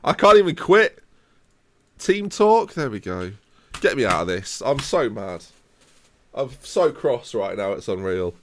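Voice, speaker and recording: A man's voice: mid-range voice, big pitch swings, measured pace, long pauses, fairly bright tone. A man in his late twenties, a streamer ranting in theatrical mock outrage during a live game stream, rambling and repeating himself. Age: late 20s. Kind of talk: live gaming stream rant.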